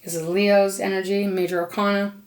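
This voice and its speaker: A woman's voice: mid-range voice, level tone, brisk. A woman giving an unscripted tarot card reading, speaking earnestly straight to her listener. She grows emotional and protective as she talks, and now and then drops a casual swear word. Between cards she speaks aloud to Spirit. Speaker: tarot reader.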